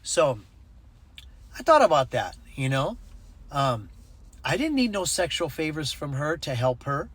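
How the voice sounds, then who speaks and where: A man's voice: fairly high pitch, big pitch swings, a little slow, long pauses, a bit bright, slightly rough. A man telling a personal story in a casual vlog, acting out the voices in it and adding preachy asides. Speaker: ministry network leader.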